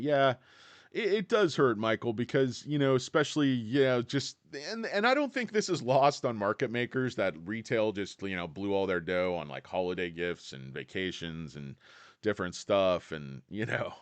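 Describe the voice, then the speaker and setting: Sarcastic low-voiced man livestreaming. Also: very animated, moderate pace, no room sound. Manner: sarcastic, crude, rambling. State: out of breath. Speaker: stock market livestream host. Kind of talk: casual livestream commentary.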